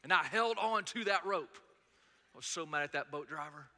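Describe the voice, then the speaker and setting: A man's voice: high-pitched, expressive, a little fast, pushed and bright. A man from North Georgia preaching a sermon, telling stories conversationally with frequent fillers. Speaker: pastor. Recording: long reverb in a large hall.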